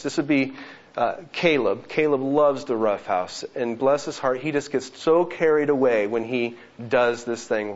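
A man in his thirties preaching a sermon, earnest and with lively asides. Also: mid-range voice. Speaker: pastor. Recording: slightly dull lo-fi sound.

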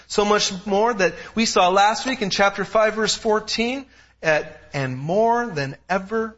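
A man in his thirties preaching an expository sermon, emphatic and animated, with personal asides. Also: high-pitched. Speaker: pastor. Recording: dull lo-fi sound.

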